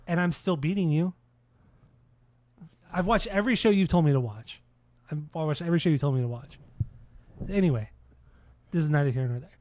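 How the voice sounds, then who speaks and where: Joking podcast co-host, dry close mic. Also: male voice, a little high, a little fast, long pauses, darkish tone, no echo. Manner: joking, swears, riffs off his co-host. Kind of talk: casual chat.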